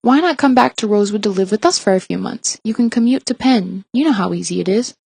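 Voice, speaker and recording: A woman's voice: mid-range voice, expressive, quick pace, vocal fry, husky, dry recording. A woman voicing a doting middle-aged mother who gushes over her elder daughter. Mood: gushing. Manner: gushing, bright exclamations.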